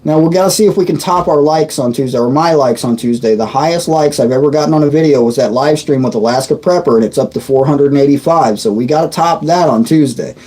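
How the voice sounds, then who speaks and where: A man chats loosely through a live stream, laughing easily and tripping over his words now and then. His voice sits a little high and sounds mellow. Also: quick pace, hardly any pauses, poor audio. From Indiana, USA. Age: 30s. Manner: chatty and joking, laughs often, stumbles and restarts. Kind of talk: casual live-stream chat reading comments.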